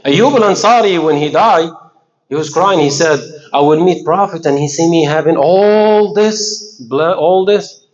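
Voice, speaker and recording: A man giving an informal religious talk in an earnest, halting way, asking questions and answering them himself. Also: fairly high pitch, muffled recording. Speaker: religious speaker.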